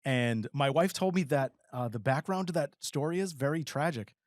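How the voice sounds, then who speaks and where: A man's voice: a little high, normal speed, no room sound, studio quality. A man in his forties co-hosting a podcast in casual chat, earnest and easily moved. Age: 40s. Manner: earnest, easily moved, acts out quoted voices. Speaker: podcast co-host.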